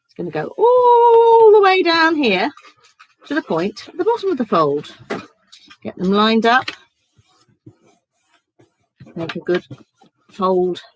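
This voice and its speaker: A woman leading an online children's church session and calmly talking viewers through paper folding step by step. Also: mid-range voice, no room sound, poor audio. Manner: chatty, step-by-step instructing, giggly. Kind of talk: online craft lesson for children.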